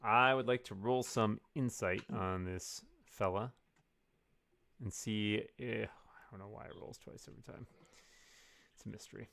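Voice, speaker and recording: A man's voice: on the low side, steady tone, unhurried, vocal fry, pauses often, a bit bright, no room sound. A man playing in a tabletop game, bantering and teasing in casual chat. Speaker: player.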